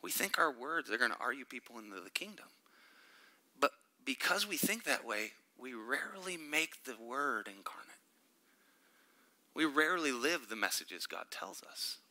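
A man preaching a sermon as a pastor, animated and emphatic, with joking asides to the congregation. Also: medium pitch, normal speed.

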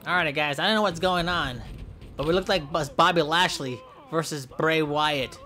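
A young man giving goofy, excitable play-by-play commentary over a game, yelping and shouting in mock pain. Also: a little high, normal speed. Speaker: gameplay commentator.

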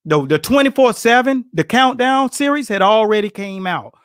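A man's voice: high-pitched, expressive, normal speed, no echo, clean studio sound. A middle-aged man, a boxing coach, tells stories in a casual interview, acting out quotes and laughing often.

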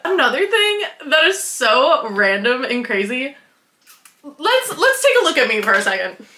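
A woman's voice: high voice, big pitch swings, unhurried, pushed and bright, roomy sound. A young woman from Wisconsin telling a story to her vlog, bubbly and giggly, full of "like" and acted-out quotes. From Wisconsin, USA. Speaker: vlogger. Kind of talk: casual storytelling.

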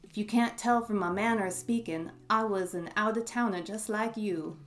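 Woman putting on a folksy drawling shopkeeper guy, older man, slightly low voice, game character. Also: normal speed, natural voice. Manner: drawling old-timer talk. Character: folksy older male shopkeeper, friendly newcomer.

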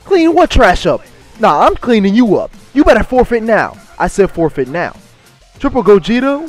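A young man giving excitable gameplay commentary and trash-talking his opponent. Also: high voice, a little fast, faint music behind. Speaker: gaming YouTuber.

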